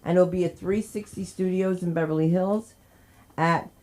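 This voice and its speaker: A woman from New Jersey hosting an open mic night, doing stand-up bits between introductions, laughing often and shouting during stories. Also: on the low side, steady tone, normal speed. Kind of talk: stand-up comedy and emceeing.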